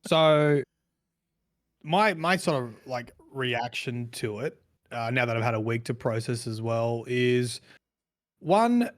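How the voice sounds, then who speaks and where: A man co-hosting a casual gaming podcast, musing at length in a reflective, wandering way. His pitch sits in the middle, and he often restarts his sentences as he thinks. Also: animated, slow pace. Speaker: podcast co-host.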